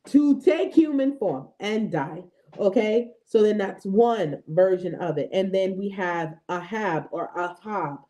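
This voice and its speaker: A woman in her thirties leads a casual devotional talk and speaks straight to her viewers. Her voice is mellow and warm, and she keeps it lively and chatty, often stopping to ask "right?" or "okay?". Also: mid-range voice. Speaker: host of a faith affirmation show.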